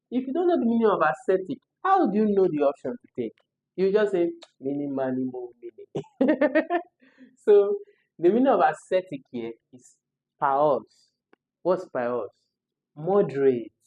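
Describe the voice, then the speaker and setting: A tutor with a Nigerian accent walks through exam questions in a chatty way, laughing often and checking in with rhetorical questions. The voice sits at a middle pitch. The recording is a little muffled and lo-fi. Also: a little mellow.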